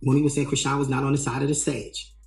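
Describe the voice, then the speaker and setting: A man working as a tour manager tells a story in an animated way, re-enacting what people said with emphatic rises. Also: mid-range voice, quick pace. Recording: roomy echo, faint music.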